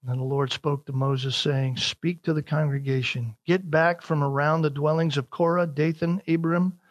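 High-voiced emphatic male preacher. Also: fairly even intonation. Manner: emphatic, rising in pitch and force to stress scripture, slowing on key phrases. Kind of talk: expository sermon reading scripture aloud.

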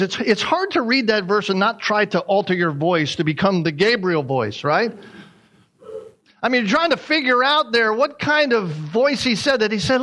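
Emphatic high-voiced male preacher. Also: big pitch swings, moderate pace, pushed and bright. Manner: emphatic, repeats key points. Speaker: pastor. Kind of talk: sermon.

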